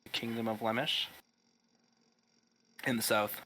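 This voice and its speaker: A man playing a tabletop game, talking in a casual way with hesitant fillers. His voice is bright and forward, and his pitch sits in the middle. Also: flat delivery, a little slow. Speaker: player. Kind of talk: tabletop game role-play.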